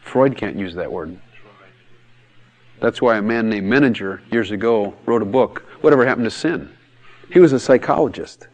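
A man's voice: lowish voice, animated, normal speed. A man preaching in a blunt, emphatic way, often laughing and acting out quotes in other voices. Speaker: pastor. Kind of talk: sermon-style teaching talk.

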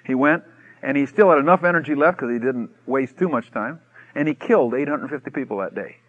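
A man preaching a sermon, telling a story with lively acted-out quotes that swing from shouts to hushed asides. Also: medium pitch, a little fast, highs cut off. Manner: animated storytelling, acts out quotes with shouts and mock whispers.

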